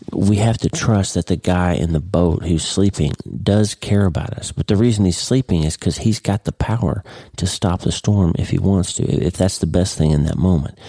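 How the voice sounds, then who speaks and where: Deep-voiced earnest male podcast host. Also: mellow, no echo. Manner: earnest, off-the-cuff with frequent restarts. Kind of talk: casual unscripted podcast monologue.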